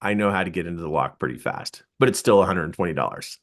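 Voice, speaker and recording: A man voicing a blunt, matter-of-fact male locksmith, keeping it flat and unbothered within a told story. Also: deep voice, fast, pitched below the performer's own voice.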